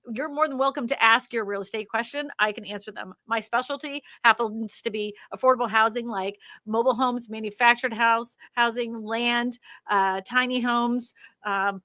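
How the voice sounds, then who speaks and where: A woman's voice: on the high side, pushed and bright, no room sound, studio quality. A woman hosting a casual real estate livestream, chatty, laughing often and trailing off mid-sentence.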